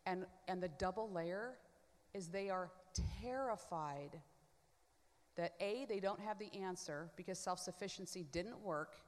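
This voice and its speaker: Chatty woman in a reverberant room. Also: on the low side. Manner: chatty, full of "like" and quick asides; expressive, swings from hushed to loud. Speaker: panel guest. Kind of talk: animated personal testimony.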